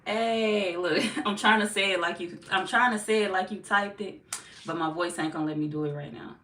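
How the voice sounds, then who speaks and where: Hosting a tarot live stream, a woman chats casually, greets viewers by name, and swears freely, her low voice slightly hoarse as if she's losing it. She sits far back from the mic in an echoey room with faint hiss, speaking briskly in a bright, forceful tone.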